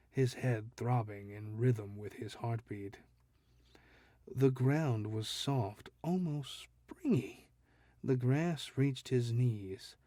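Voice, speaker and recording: Slow, deliberate male narrator. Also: medium pitch, dark tone, no echo, clean studio sound. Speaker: audiobook narrator and author. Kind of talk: scripted fiction narration.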